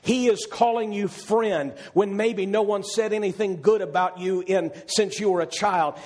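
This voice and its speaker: A man preaching a sermon in a strikingly high voice. He speaks with fervour, hammering on repeated phrases and rising to shouted peaks. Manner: impassioned, repetitive, builds to shouted climaxes.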